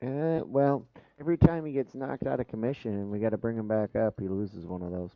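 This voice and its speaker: A man's voice: lowish voice, fairly even intonation, fairly quick, creaky, no room sound, dull audio. A man playing a tabletop game, talking casually and joking around. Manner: joking, playful. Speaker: player.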